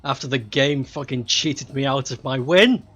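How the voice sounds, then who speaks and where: A man's voice: mid-range voice, moderate pace, fairly bright tone, breathy edge, lo-fi sound, faint music behind. A man giving loose, profane live commentary while playing a video game, often laughing and talking back to the game. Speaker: game streamer.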